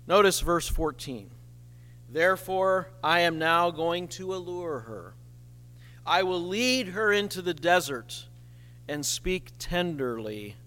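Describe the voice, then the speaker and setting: A man preaching a sermon as pastor, slow and emphatic with dramatic pauses. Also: on the high side, pushed and bright, in a large hall.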